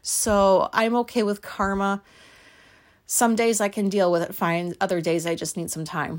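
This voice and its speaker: A woman podcaster telling a personal story in a candid, chatty way, swearing freely and often breaking into laughter. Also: medium pitch.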